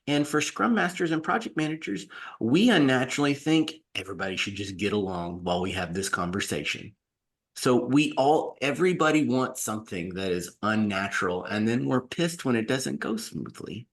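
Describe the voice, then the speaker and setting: A man's voice: medium pitch, sing-song, normal speed. A man on a podcast panel, speaking wryly and laying out his points one by one. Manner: wry, lays out points in a list. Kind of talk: casual panel discussion.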